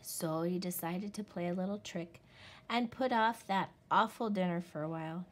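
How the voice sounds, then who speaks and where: A woman reading a picture book aloud in a slow, expressive storytelling voice. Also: lowish voice. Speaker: storybook reader.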